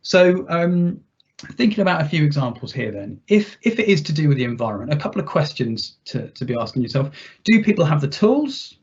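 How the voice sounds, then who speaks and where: A man's voice: a little high, a little mellow, husky. A man presenting a workplace training webinar in a conversational way, with restarts and rhetorical questions. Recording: dull, muffled webinar audio.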